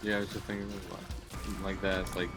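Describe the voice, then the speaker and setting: Relaxed guy with a lowish voice joking with his buddy, clear game music underneath. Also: moderate pace. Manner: laid-back, short reactions. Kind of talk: casual chat.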